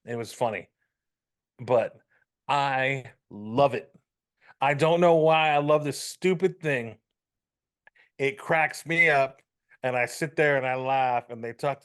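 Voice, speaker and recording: A man's voice: medium pitch, a little slow, pauses often, clear, resonant tone. A man co-hosting a casual podcast chat, ranting and joking with profanity. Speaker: podcast co-host.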